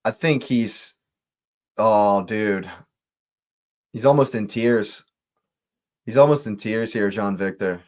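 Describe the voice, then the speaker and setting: A man's voice: on the low side, darkish tone. A man hosting a live football watch-along, reacting to the match in disbelief and repeating his phrases. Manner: exasperated, repeats phrases, slow deliberate delivery.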